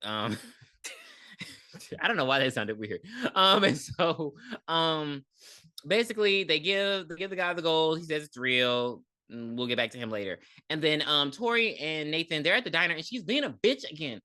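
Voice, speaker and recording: A woman's voice: low voice, lively intonation, moderate pace, bright, forceful tone. A woman co-hosting a podcast, retelling a movie's plot in casual, profane chat. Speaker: podcast co-host.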